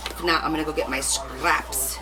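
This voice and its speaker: Her voice sits low with fairly even intonation and a moderate pace. She's hosting a laid-back crafting live stream, reading viewers' comments, chatting and joking with them, and laughing a lot as she crafts.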